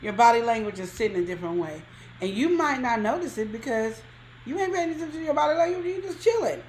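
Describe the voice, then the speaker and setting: A woman's voice: a little high, lively intonation, fast talker. Woman, podcast co-host, emphatic and colloquial, slightly echoey room, faint hiss. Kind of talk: casual relationship advice chat.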